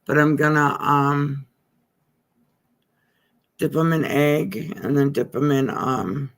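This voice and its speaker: A woman's voice: low voice, fairly even intonation, slow, vocal fry. A middle-aged woman livestreaming from her living room, rambling in casual chat as if talking to herself. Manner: chatty, talks to herself. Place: living room at home by a window.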